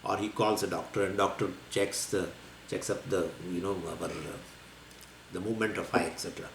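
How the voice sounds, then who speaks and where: A man giving a scripture lecture as a spiritual teacher, explaining in a lively, wandering way with many fillers and small laughs. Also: low-pitched, normal speed, creaky, slight background noise. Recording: echoey room with faint ambience.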